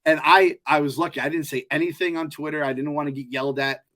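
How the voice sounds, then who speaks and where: A man co-hosting a podcast, chatting casually in an animated, joking way with lots of swearing. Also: a little high, fast talker. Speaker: podcast co-host. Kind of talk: casual chat.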